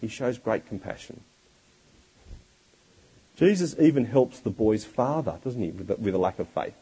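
A man preaching a sermon, expressive and full of rhetorical questions. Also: on the low side, moderate pace, breathy edge, low-quality recording.

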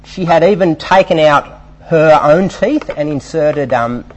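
A man preaching a sermon in an animated, emphatic way, with fillers between his points. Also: a little high, a little slow.

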